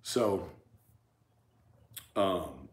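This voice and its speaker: A YouTube true crime commentator delivers a casual rant for his channel in a low, expressive voice, stretching out his words. He speaks emphatically, stammering and repeating himself as he talks straight to viewers and critics.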